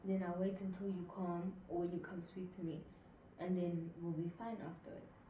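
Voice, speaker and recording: A woman's voice: lowish voice, level tone, moderate pace, dark tone. A young woman from South Africa, co-hosting a casual podcast chat with her mother, speaking candidly and reflectively. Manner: candid, reflective, matter-of-fact. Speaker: podcast co-host, daughter. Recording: echoey room with faint noise.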